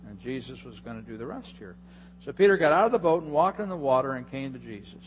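A man's voice: medium pitch, fast. A male pastor preaching a sermon, telling the story with energy and acting out the people in it. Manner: animated storytelling with acted-out voices. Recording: dull lo-fi hall recording.

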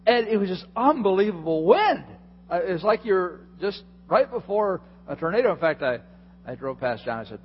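This preacher's voice sits high and moves at normal speed as he lively narrates a sermon story, giving each character an acted-out voice. The lo-fi hall audio sounds dull, with a bit of hiss or hum.

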